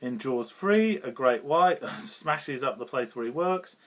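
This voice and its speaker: A man's voice: mid-range voice, expressive, slow, fairly bright tone. A British man giving a casual, rambling film review, often chuckling and restarting his sentences. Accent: British English. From Britain.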